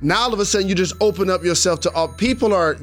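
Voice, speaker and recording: A man co-hosting a podcast, talking in relaxed, casual banter. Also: high voice, fast talker, faint music behind. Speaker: podcast co-host.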